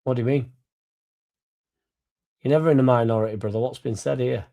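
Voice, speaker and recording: Young lad, fan-channel host, tipsy and sweary, mellow tone, loose and rambling. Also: male voice, mid-range voice, steady tone, fairly quick, creaky. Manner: rambling, sweary and laddish, laughing between lines. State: a bit drunk. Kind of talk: casual livestream chat.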